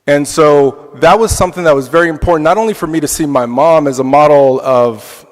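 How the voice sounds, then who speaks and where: A man's voice: fairly high pitch, fairly quick. A man teaching an adult church class, telling a personal story in a reflective way with casual fillers. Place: church hall. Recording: long reverb of a church hall.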